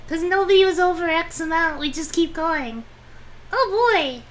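With an extremely high-pitched voice at a moderate pace, a young VTuber streamer gives casual commentary on her game, talking to herself in a whiny, pleading way. A little hiss or hum can be heard.

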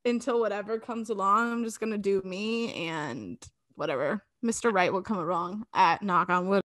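A woman's voice: mid-range voice, normal speed, fairly bright tone, no room sound, clean studio sound. A woman guest in a casual podcast chat, playful and joking, laughing often.

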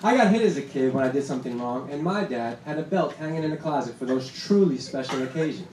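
A young man doing a stand-up set on a comedy club stage, punchy and deadpan, with laughter behind him. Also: medium pitch, quick pace. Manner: punchy deadpan delivery with acted-out quotes. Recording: roomy club sound with noise. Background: audience laughter.

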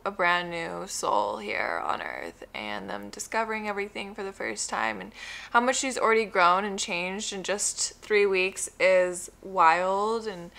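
A young woman talks to her phone camera as a new mother, her voice bright and forward in tone. She rambles, fills gaps with likes and ums, and speaks bluntly when something bothers her. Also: medium pitch, creaky. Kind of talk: casual chat to camera.

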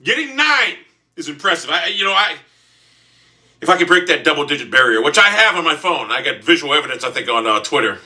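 Man, gameplay rant, profane yelling, swooping pitch, sharp tone. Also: big pitch swings, fairly quick. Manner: profane, explosive yelling outbursts between grumbling. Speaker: gamer. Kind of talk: raging gameplay commentary. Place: seated in a chair while playing.

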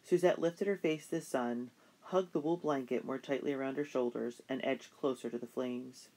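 Audiobook narrator with a middle-pitched voice. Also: normal speed, dark tone. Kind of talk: audiobook narration of a children's novel.

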